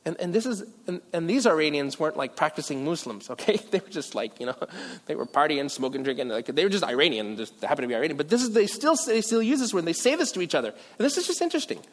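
A man from Virginia preaching a sermon as pastor, animated and self-deprecating, with asides and restarts. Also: a little high, fast talker. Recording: long hall reverb.

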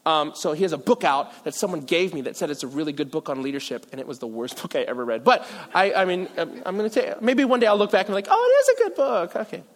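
Pastor, male, high voice, relaxed and jokey sermon delivery, large reverberant hall. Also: quick pace, few pauses. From Philippines. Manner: casual, joking, self-deprecating asides.

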